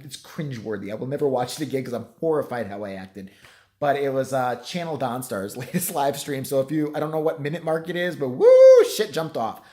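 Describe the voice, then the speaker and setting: A man vlogging a rambling, profane apology at home, his voice strained from yelling. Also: medium pitch. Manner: profane, rambling, self-deprecating.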